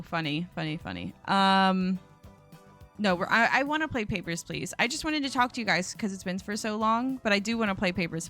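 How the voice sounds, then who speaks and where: A woman's voice: mid-range voice, fairly bright tone. Chatty young woman streamer. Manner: chatty, rambling with many fillers and restarts. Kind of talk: casual chat with viewers. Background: faint music.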